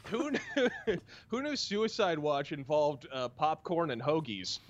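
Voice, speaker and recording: A man's voice: on the high side, very animated, a little slow, muffled recording. A man appearing as a guest on a comedic podcast, ranting in sardonic quips. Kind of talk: casual comedic chat.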